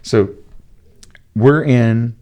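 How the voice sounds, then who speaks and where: A man, a guest on a podcast, telling a personal story in a casual, animated way and acting out the dialogue. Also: mid-range voice, very slow, dull audio. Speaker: podcast guest, entrepreneur and mentor.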